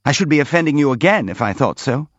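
A gentle young prince pleads earnestly in a raised, animated voice, as a male reader puts him on. The audiobook recording sounds dry and a little muffled. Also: a little high, fast, no room sound. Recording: slightly dull dry recording.

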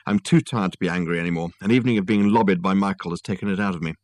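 A man voicing a brisk, sharp-tongued woman who talks in a dry, clipped way. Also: low-pitched, fairly even intonation, natural voice. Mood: weary.

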